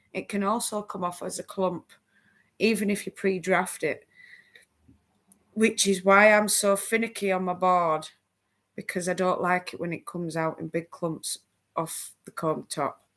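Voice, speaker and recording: A woman's voice: mid-range voice, fairly even intonation, measured pace, a bit bright. A woman hosting a casual crafting live stream, chatting with viewers and laughing often.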